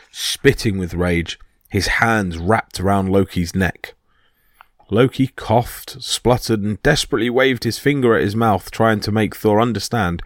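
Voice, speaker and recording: A man narrating mythology stories as a podcast storyteller, in a steady dramatic reading. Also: fairly low pitch, no room sound, studio quality.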